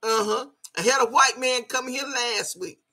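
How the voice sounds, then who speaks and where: A woman's voice: fairly high pitch, moderate pace. An older woman with a Southern Alabama accent, ranting profanely and heatedly at a viewer on a livestream. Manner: profane, heated, shouting insults. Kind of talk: livestream rant.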